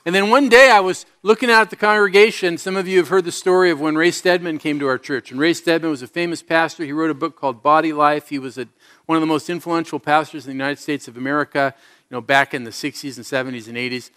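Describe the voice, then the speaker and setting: A middle-aged male pastor preaches to his congregation, his voice sitting a touch higher than most men's. He is an earnest storyteller with a streak of self-mocking humor. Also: steady tone, fast, a bit bright, clear, resonant tone. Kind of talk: sermon. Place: church service before a congregation.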